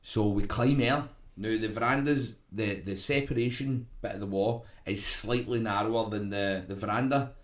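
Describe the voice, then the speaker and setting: A man's voice: on the low side, fairly even intonation, moderate pace, few pauses. A man with a Glaswegian accent, a podcast co-host telling a rambling, sweary comic story and checking in with "right?".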